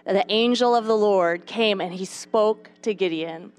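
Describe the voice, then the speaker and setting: A young adult woman teaching a devotional Bible lesson to mothers, expressive, with playful asides. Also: mid-range voice, measured pace. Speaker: speaker at a mothers' Bible study.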